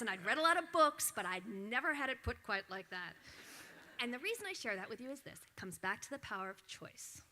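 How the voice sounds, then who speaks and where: A middle-aged woman giving an award acceptance speech, telling a personal story and acting out her son's words. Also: on the high side. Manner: storytelling, acts out her son's lines with animated voice.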